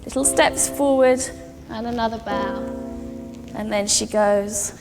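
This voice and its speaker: A woman teaching a ballet class to children, giving patient, clear step-by-step instructions in a dance studio. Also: fairly high pitch, steady tone, normal speed. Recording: reverberant studio hall with music.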